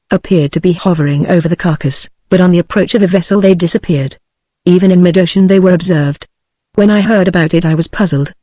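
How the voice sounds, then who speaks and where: A synthetic British English woman's voice narrating an old novel as an audiobook, with an even, steady delivery. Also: fairly low pitch, dry recording.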